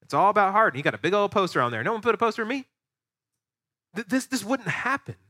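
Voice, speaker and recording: A man, a pastor preaching a sermon to his church, animated and acting out voices of the people he describes. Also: sits high, fast. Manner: animated, acts out quoted voices. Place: church sanctuary.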